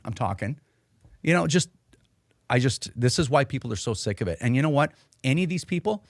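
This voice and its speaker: A man's voice: mid-range voice, no echo, clean studio sound. A man hosting casual political commentary, heated and sarcastic, mocking officials in put-on voices. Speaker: host.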